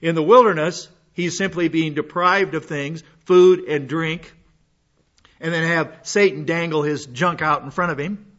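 A man's voice: a little high, fairly even intonation, measured pace, fairly bright tone. An older man preaching a sermon as a pastor, in a folksy, rambling way with many fillers and restarts. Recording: dull lo-fi sound.

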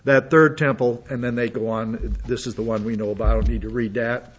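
A man's voice: lowish voice, level tone, fast talker, a little mellow, breathy edge. Man reading news with asides, lo-fi. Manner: reads aloud with asides and restarts. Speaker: commentator reading news articles. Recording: dull lo-fi audio.

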